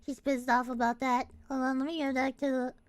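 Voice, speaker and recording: A woman's voice: high voice, flat delivery, brisk, a little hiss or hum. A young adult woman streaming a casual chat, rambling, swearing and breaking into giggles often. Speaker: VTuber streamer.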